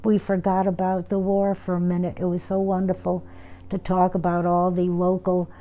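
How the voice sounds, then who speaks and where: An elderly woman in her nineties tells an old memory in an oral history interview. Her voice sits low and mellow, with a flat, even melody. She speaks unhurriedly, filling pauses with small hesitations and restarting her phrases. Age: 90s. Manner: unhurried reminiscing with many fillers and restarts. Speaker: war veteran interviewee.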